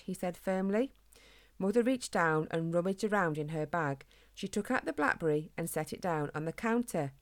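A woman reading a children's storybook in a gentle, expressive way. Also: on the low side.

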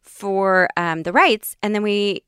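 A woman guest on a podcast, an actress and producer, talking in a lively, animated way and laughing easily. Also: mid-range voice, slow, clear, resonant tone, dry recording, studio quality. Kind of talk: casual interview chat.

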